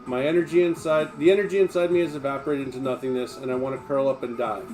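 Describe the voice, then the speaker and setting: A man's voice: mid-range voice, steady tone, fast talker, darkish tone, soft background music. A man reading a memoir aloud on a livestream, in an emphatic, blunt manner with plenty of swearing.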